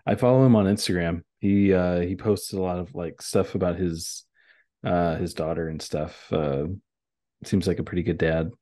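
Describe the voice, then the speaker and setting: A man co-hosting a podcast, talking in a laid-back, halting way with lots of fillers. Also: deep voice, fairly even intonation, warm tone. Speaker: podcast co-host. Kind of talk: casual chat.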